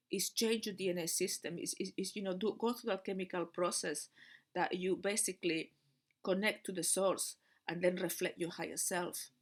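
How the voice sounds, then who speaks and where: A woman and spiritual teacher telling a personal story in a casual monologue, animated, laughing often and repeating words. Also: lowish voice.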